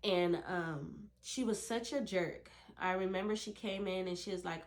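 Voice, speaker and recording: A woman's voice: lowish voice, steady tone, moderate pace, hardly any pauses. A woman telling her own birth story to camera, earnest and emphatic, speaking directly to other women.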